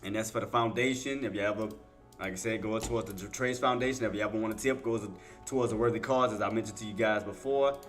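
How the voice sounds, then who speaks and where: A man's voice: lowish voice, fairly even intonation, fast, faint music behind. A man hosting a live day-trading stream, talking emphatically to his chat and repeating himself, at times getting emotional as he thanks viewers. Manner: turns tearful and heartfelt thanking viewers. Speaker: livestream day-trading host. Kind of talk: live market commentary to chat.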